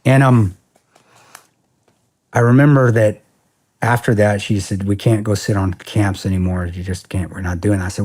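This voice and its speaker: As a podcast guest in a casual interview, a former security contractor in his forties tells a story at a moderate pace with long pauses. His voice is low and husky, his manner blunt and profane, and he keeps acting out what people said in an animated retelling.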